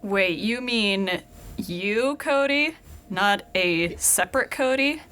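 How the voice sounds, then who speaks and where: A woman in casual podcast banter who keeps dissolving into giggles. Her voice is bright and bouncy, with wide pitch swings. She talks at a slow pace over a faint hiss. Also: expressive. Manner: giggly, teasing, breaks into laughter. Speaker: podcast co-host.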